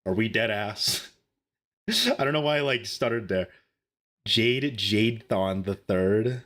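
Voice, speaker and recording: A man's voice: fairly low pitch, expressive, slow pace, fairly bright tone. A young man streaming a game and defensively joking back at his chat. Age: young adult. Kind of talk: casual live-stream chat.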